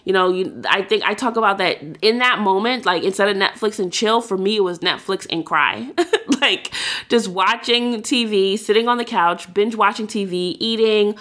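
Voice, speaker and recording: A woman's voice: medium pitch, normal speed, a bit bright. A young adult woman hosting a podcast, telling a personal story in a candid, conversational way with many fillers. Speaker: podcast host.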